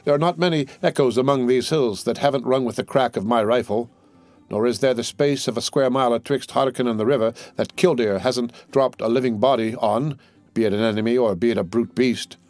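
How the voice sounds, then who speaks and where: A man's voice: mid-range voice, a little fast, a little mellow, dry recording, lightly acted. A man voicing a grizzled, proud frontier scout with old-fashioned backwoods speech in an audiobook. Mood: boastful.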